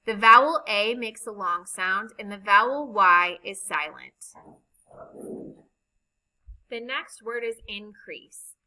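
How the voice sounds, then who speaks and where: Slow, bright-voiced woman teaching reading. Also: mid-range voice, poor audio. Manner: slow, deliberate, spells out vowel sounds. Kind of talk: recorded reading lesson.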